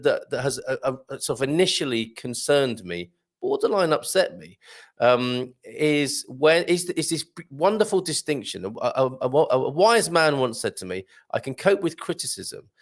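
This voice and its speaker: A light-hearted man hosting a live chat show, reading out viewer comments and laughing often. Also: medium pitch. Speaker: host.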